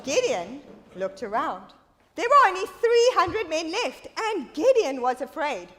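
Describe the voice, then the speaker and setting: A woman giving an animated children's Bible talk in a church, leading the children in call-and-response storytelling. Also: extremely high pitch, unhurried. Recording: echoey church hall.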